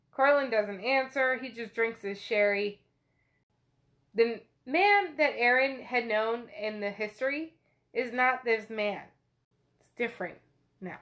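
A woman's voice: on the high side, fairly bright tone. A woman casually retelling a novel chapter, chatty and full of fillers. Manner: chatty paraphrasing with frequent fillers. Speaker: book podcast host.

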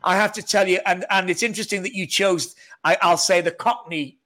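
Bright-voiced man with a Welsh-Scouse accent. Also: sits high, brisk. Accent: Welsh-Scouse blend. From North Wales near Liverpool. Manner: animated storyteller, self-mocking, with frequent restarts. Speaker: guest actor. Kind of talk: casual interview chat.

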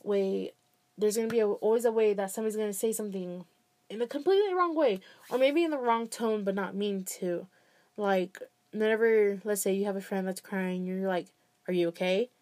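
A woman's voice: mid-range voice, brisk, darkish tone. A young woman giving casual, rambling relationship advice, full of fillers and "blah, blah, blah.".

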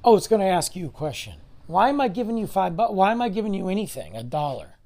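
Fed up podcast host going off, gravelly, voice swings all over the place. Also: medium pitch, very animated, fast, a little mellow. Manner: exasperated, ranting, mocking rhetorical questions. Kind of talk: solo opinion rant.

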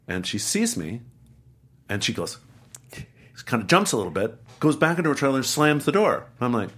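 A middle-aged actor appearing as a guest tells a casual anecdote in a mid-range voice at normal speed. He is an animated storyteller, acting out the voices and accents of the people involved.

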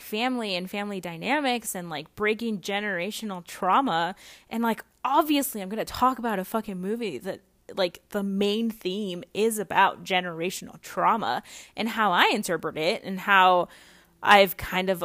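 A woman's voice: medium pitch, a bit bright, no echo. A young adult woman hosting a podcast in a casual monologue, chatty and blunt, swearing freely and peppering her talk with "like.". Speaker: podcast host.

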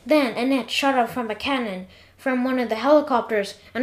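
A woman's voice: a little high, fairly quick, hardly any pauses. A woman in her forties narrating a homemade story in first person, reading with small slips and restarts. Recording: roomy echo.

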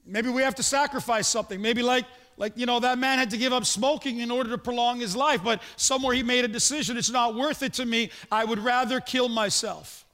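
High-voiced male pastor preaching in a hall. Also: fairly even intonation, bright, forceful tone. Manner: conversational preaching with quick anecdotes and rhetorical questions. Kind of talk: sermon.

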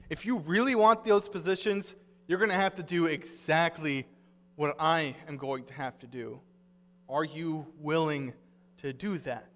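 A man's voice: on the high side, fairly bright tone, big-room sound. A man pastor giving a sermon, earnest and conversational as he retells scripture in everyday words.

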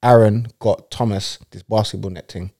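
A man's voice: on the low side, fairly even intonation, moderate pace, creaky, warm tone, dry recording, studio quality. A young man, co-hosting a casual podcast chat, full of slangy, teasing banter. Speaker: podcast co-host.

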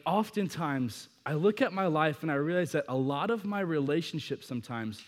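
A young man preaching to a youth crowd in a casual storytelling way, swinging from hushed asides to loud bursts. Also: on the high side, big-room sound.

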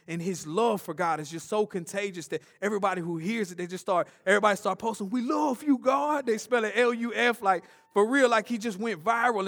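A preacher with a high-pitched voice delivers a church sermon, swinging between loud, urgent passages and hushed, intense ones. He often stumbles over and repeats words while pressing his point.

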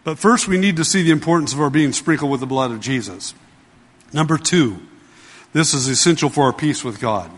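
A man's voice: fairly high pitch, animated, fairly quick, slightly rough. Emphatic preacher man in a reverberant hall. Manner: emphatic, asks the congregation questions; repeats key phrases, addresses listeners as "dear ones". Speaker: pastor. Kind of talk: sermon.

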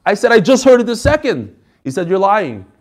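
A man's voice: sits high, sing-song, brisk. A male Torah teacher giving a classroom lecture, reading each phrase and then explaining it with energy, adding chatty asides and jokes.

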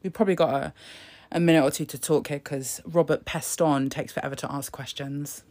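A woman's voice: deep voice, steady tone, fairly quick, darkish tone. A woman giving casual, sarcastic live commentary, laughing often and throwing in sassy asides. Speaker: live commentator on a press conference.

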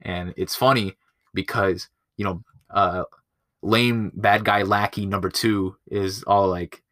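A man's voice: fairly low pitch, steady tone, slow, fairly bright tone, no echo. A man hosting a casual movie-review podcast, rambling and swearing a lot, with plenty of filler words. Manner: rambling and profane, with lots of filler. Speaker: podcast host.

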